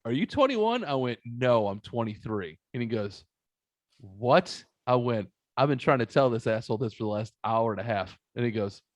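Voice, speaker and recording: Profane, animated young man telling a story. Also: mid-range voice, normal speed, no echo, lo-fi sound. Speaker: podcast host. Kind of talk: casual storytelling chat.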